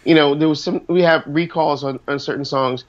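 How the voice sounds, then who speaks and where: A man's voice: a little high, steady tone, brisk. Rambling male singer, lo-fi sound. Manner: rambling, many restarts and fillers. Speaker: singer, interview guest. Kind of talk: casual interview chat.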